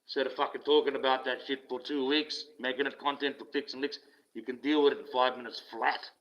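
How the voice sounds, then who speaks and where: A man's voice: medium pitch, flat delivery, brisk. An older man with an Australian accent, ranting casually and bitterly, swearing often and laughing wryly. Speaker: online streamer. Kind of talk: casual rant. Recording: slightly dull lo-fi audio.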